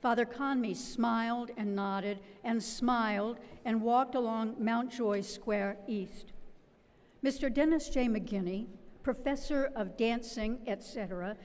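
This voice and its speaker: A woman reading a novel aloud at a public literary event, with a measured, expressive delivery. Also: fairly high pitch. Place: event hall. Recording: long hall reverb.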